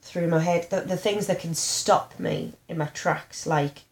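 A woman, candidly telling personal stories in an animated, self-deprecating way. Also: fairly low pitch, measured pace, vocal fry. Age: 30s. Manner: frank, animated storytelling with self-deprecating humor.

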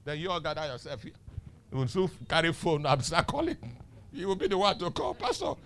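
A man's voice: on the high side, sing-song, fairly quick, fairly bright tone, slight background noise. A male pastor preaching a sermon, emphatic and teasing, firing rhetorical questions at the congregation. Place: church.

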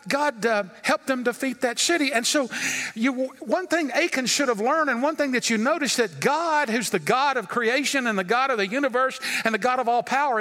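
High, bright-voiced preaching man. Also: in a large hall. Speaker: pastor. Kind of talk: sermon.

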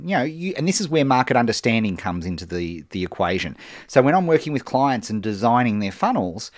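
Male host, lively swinging delivery, dry close sound, unscripted business advice with fillers. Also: medium pitch, no echo. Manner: animated, emphatic, many fillers and restarts. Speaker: host answering business questions. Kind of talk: live-stream business talk.

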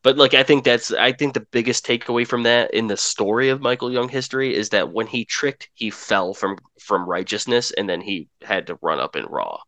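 A man's voice: mid-range voice, moderate pace, few pauses, no room sound. A man co-hosting a podcast, rambling through an album breakdown with lots of "like" and restarts. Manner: rambling, many likes and restarts, gets excited. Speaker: podcast co-host. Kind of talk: casual album discussion.

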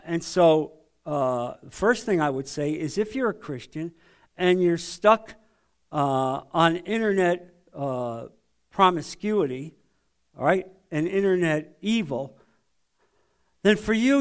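A man with a fairly high speaking voice leads a men's Bible study. He teaches conversationally, often checking in with the group with quick rhetorical questions.

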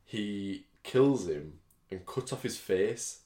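Laid-back man, low voice, echoey room. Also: expressive, takes it slowly, warm tone. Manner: rambling, laughs often, slips into silly voices. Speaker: podcast co-host. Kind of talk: casual chat. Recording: roomy echo.

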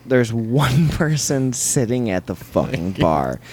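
A man's voice: medium pitch, very animated, takes it slowly, a crowd in the background. A man, a comedian, telling a rambling, profane anecdote in drunken casual chat in a hotel room, acting out the lines of the people in it. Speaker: comedian guest.

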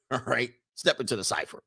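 A young man hosting a casual livestream, reading viewer messages aloud and riffing on them, animated and laughing often. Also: mid-range voice, moderate pace, creaky, breathy edge. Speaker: livestream host reading super chats.

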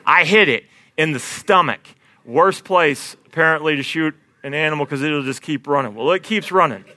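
A young man telling a comic story in an animated, self-deprecating way, often laughing through his own lines. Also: fairly high pitch, moderate pace.

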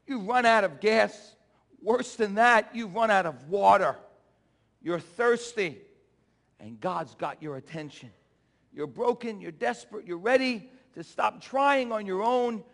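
A male pastor preaching a sermon with impassioned swings from shouting to low, urging the congregation to respond. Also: creaky. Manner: call-and-response exhortations. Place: church sanctuary. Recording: long church reverb.

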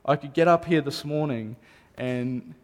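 A man's voice: mid-range voice, measured pace. A man, a pastor, preaching a sermon earnestly and repeating key phrases for emphasis. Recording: long reverb of a hall.

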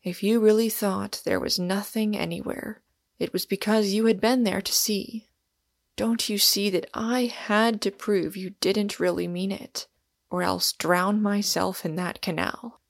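An impassioned, earnest massive young man, as a woman narrator reads him, pressing his case with urgent conviction. His lines come slowly and deliberately, with a gravelly edge to the voice, in a close, dry audiobook reading. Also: mid-range voice, steady tone, no room sound. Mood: pleading. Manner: urgent, pleading, rhapsodic.

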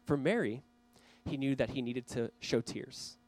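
A man's voice: mid-range voice, measured pace, a little mellow, poor audio. A man preaching a sermon as pastor, earnestly urging his listeners. He speaks straight to a camera for viewers watching online.

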